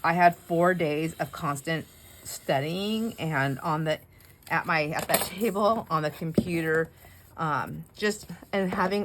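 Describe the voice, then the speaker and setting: A woman's voice: fairly low pitch, normal speed, slight background noise. A middle-aged woman hosting a craft video, chatting in a rambling, digressive way while she cuts board, often breaking off mid-sentence and laughing. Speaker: craft channel host.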